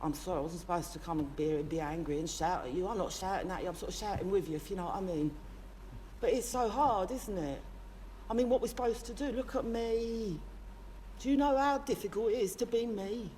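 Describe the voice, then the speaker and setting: A woman's voice: mid-range voice, fairly quick, warm tone, a little hiss or hum, natural voice. A woman playing a brash, sweary working-class London man in a comic monologue, rambling and impassioned, with a London accent. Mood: impassioned rant. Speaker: character monologist. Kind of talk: comic character monologue to camera.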